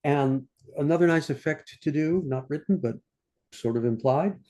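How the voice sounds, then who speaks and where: An older conductor teaching an online masterclass, talking through a score and singing the passages in scat syllables. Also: male voice, on the high side, mellow. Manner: sings passages in scat syllables between instructions. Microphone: computer mic on a video call.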